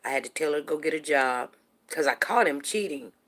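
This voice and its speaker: A woman with a low voice tells a story from her own life in a loose, chatty way. She is middle-aged and animated, doubles up her words, and keeps checking in with her listeners. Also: a little fast. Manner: animated, repeats words, asks listeners "you know what I'm saying". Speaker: show host telling a personal story. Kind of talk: casual storytelling to viewers.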